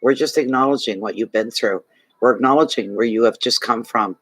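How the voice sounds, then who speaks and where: A man's voice: medium pitch, brisk, fairly bright tone, husky, no echo, rough recording. Emphatic man giving a tarot reading. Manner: emphatic, repeats key phrases for reassurance. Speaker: tarot reader. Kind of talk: tarot card reading for a client.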